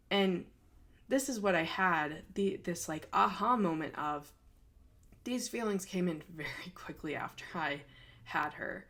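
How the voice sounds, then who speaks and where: A woman's voice: fairly low pitch, expressive, a little slow, a bit bright. A young woman hosting a podcast, telling a personal story in a candid, emotional way, with many fillers. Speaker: podcast host.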